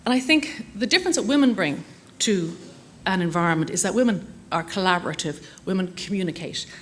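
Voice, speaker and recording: Woman, middle-aged, brisk conference speaker, anecdotal and self-mocking. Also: lowish voice, expressive, slight background noise. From Ireland. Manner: chatty, anecdotal, self-deprecating humor. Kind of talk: conference talk. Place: conference hall.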